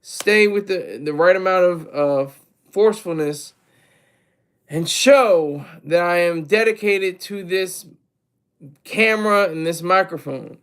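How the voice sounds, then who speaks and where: A man's voice: sits high, slow pace, fairly bright tone, clean tone. A man hosting a casual livestream, talking energetically and rambling, with many restarts and asides to his chat viewers. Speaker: livestream host.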